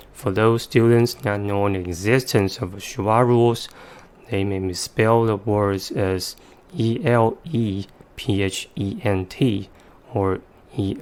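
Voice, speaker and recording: In scripted instructional narration, a vocabulary teacher explains English words methodically, offering slow, deliberate examples. His voice is low and smooth.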